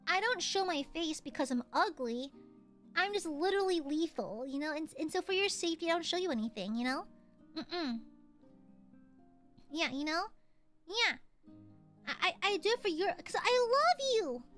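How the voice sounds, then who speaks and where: A woman's voice: very high voice, a bit bright. A young woman streaming casually as a VTuber, playful and jokey, often breaking into laughs and squeals. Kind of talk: casual livestream chat.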